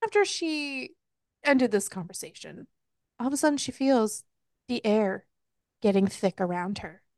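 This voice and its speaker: Animated woman recapping a book. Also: on the high side, unhurried, no echo, clean studio sound. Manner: animated retelling with profanity and laughs. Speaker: podcast co-host. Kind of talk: casual book recap chat.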